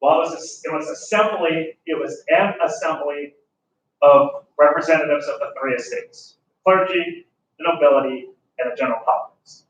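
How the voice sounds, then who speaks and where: A man with a fairly high pitch and fairly bright tone teaches history at normal speed, keeping it conversational and occasionally impersonating ordinary people. A distant mic picks him up in an echoey room with faint room noise.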